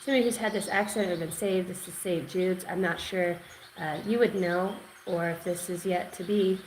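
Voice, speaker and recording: A woman giving an intuitive tarot reading, rambling and excitable, repeating words and swearing now and then. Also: fairly low pitch, fairly quick, slight background noise, low-quality recording. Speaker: tarot reader.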